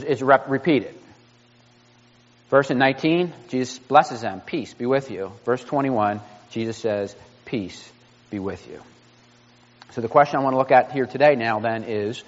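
A man's voice: medium pitch, fairly bright tone. A man preaching a sermon, earnest, asking the congregation rhetorical questions and often restarting his phrases. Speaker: pastor. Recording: muffled, reverberant room sound.

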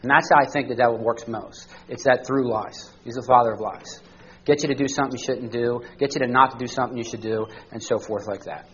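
A man's voice: medium pitch, fairly even intonation, fast, a bit bright, dull audio. Conversational man teaching a Bible class. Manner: conversational, asks the group questions, frequent "all right?". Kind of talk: teaching a church study class. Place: room with a group of listeners.

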